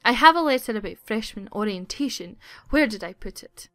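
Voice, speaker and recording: A woman's voice: fairly high pitch, expressive, fairly quick, a bit bright, no echo, clean studio sound, faint music behind. Playful woman reading a game aloud. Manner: playful, giggly, sarcastic asides. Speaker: gaming YouTuber.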